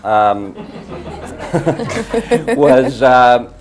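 A man's voice: mid-range voice, extremely slow. A man from Canada, a game show guest, telling a rambling casual story and laughing at it himself. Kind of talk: casual anecdote.

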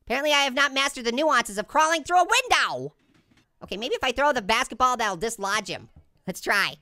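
A woman giving excitable, jokey let's-play commentary as a video game streamer, talking to her viewers as she plays. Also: sits high, fairly quick, no room sound.

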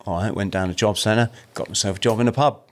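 A man in his fifties from South-East London with an English accent, a podcast guest telling his story in a rambling, animated way with lots of restarts and swearing. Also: fairly low pitch, quick pace. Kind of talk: casual storytelling.

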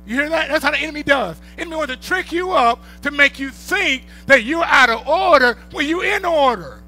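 A middle-aged man preaching a sermon. His voice sits very high for a man and rings bright and sharp, and he often swells to loud, emphatic peaks. Faint music plays softly behind him. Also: expressive, a little fast. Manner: preaching with rising bursts of volume and storytelling. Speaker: pastor.

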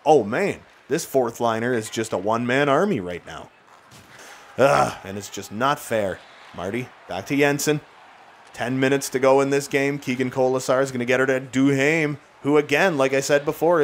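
Excitable man calling a hockey video game. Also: mid-range voice, moderate pace. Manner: excitable, jokey, bursts into shouts and laughs. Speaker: gaming YouTuber.

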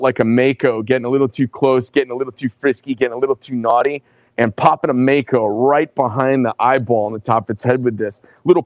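A middle-aged man hosts a casual knife sales show in a mid-range voice. He tells long, animated, rambling stories. The sound is dry and close. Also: medium pitch, no echo. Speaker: host presenting knives.

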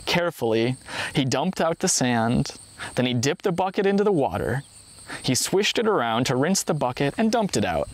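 A man reading a traditional folktale aloud in a measured, expressive storytelling manner. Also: medium pitch. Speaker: story reader.

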